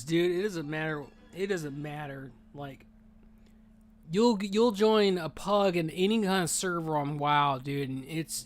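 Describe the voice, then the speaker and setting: A man chatting casually while he plays a game, rambling and animated, saying dude a lot, and talking with his mouth full while he eats. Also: on the high side. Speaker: gaming streamer. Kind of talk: casual gameplay chat.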